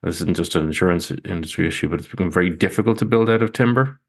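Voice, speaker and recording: Male co-host, low gravelly voice, hesitant, many restarts. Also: racing. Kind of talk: casual podcast chat.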